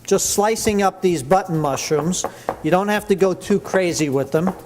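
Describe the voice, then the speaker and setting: Chatty cooking show host. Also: male voice, high voice, moderate pace, darkish tone, slight background noise. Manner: enthusiastic, chatty, explains as he chops. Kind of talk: cooking demonstration.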